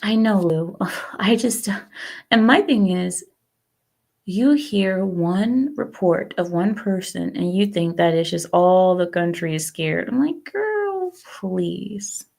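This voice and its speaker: A woman with a creaky voice takes her time as she hosts a casual livestream, chatting with her viewers. She acts out what other people said, using lively shifts in pitch for the quotes.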